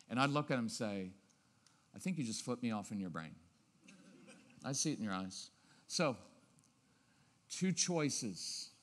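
A man giving a live parenting seminar, acting out scenes and switching between loud and quiet, low-key tones. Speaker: parenting speaker. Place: church auditorium. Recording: long reverb of a large hall.

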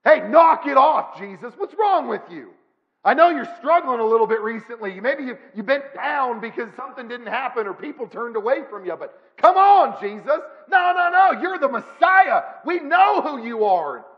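A preacher acting out a pleading, scolding disciple. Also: male voice, very high voice, sing-song, moderate pace, long reverb tail, highs cut off, voice pushed up. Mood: urgent scolding. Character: impulsive adult male disciple, pleading and scolding. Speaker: pastor acting out a quote.

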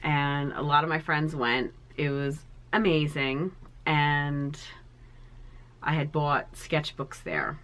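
A woman's voice: deep voice, takes it slowly, fairly bright tone. A woman in her thirties chatting to camera as an art vlogger, talking in a chatty, sentimental way with plenty of fillers. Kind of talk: casual chat to camera.

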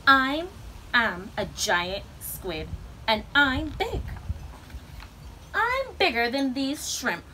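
A woman's voice: high-pitched, sing-song, very slow, long pauses, bright, forceful tone, slight background noise, full character voice. A woman voicing a proud, boastful giant squid in a picture-book reading.

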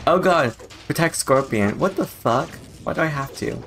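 A young man commenting on a video game as he plays, excitable and profane, laughing often. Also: mid-range voice, normal speed, vocal fry, faint music behind. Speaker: gaming YouTuber. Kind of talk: let's play commentary.

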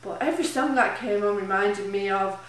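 A woman's voice: mid-range voice, fairly quick. A woman recording a casual video diary, chatty and emotional, rambling with fillers as she talks. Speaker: charity runner keeping a video diary. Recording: very echoey room, mic at a distance.

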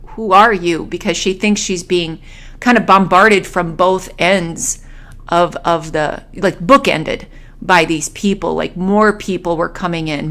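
A woman tarot reader telling a vision as a story, slowly and hesitantly, with many fillers and restarts. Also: on the low side, a bit bright.

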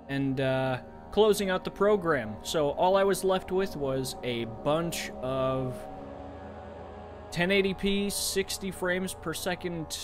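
A man giving casual gameplay commentary as a let's-play host, rambling, correcting himself and muttering in frustration. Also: medium pitch. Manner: rambling and self-correcting, restless.

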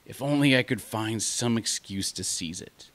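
A sly, greedy wolf from a bedtime storybook, low-voiced and menacing, as a man reads him. He lingers over his words with a bully's slow relish. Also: fairly bright tone, lightly acted. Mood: scheming. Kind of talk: storybook reading.

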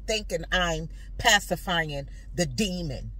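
Husky woman, slow and animated. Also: medium pitch. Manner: animated, dramatic, acts out dialogue, preachy repetition. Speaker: vlogger. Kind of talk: testimony storytelling with preaching.

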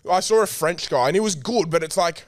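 A man's voice: on the high side, fairly quick, no echo, clean studio sound. A young Australian man co-hosting a podcast, chatting casually and swearing freely in a lighthearted way. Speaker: podcast co-host. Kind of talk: casual chat.

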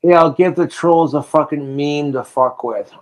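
A man's voice: fairly high pitch, moderate pace. A man ranting on a livestream, swearing heavily and drinking alcohol as he talks. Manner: profane, ranting, drinking on stream. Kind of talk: livestream rant.

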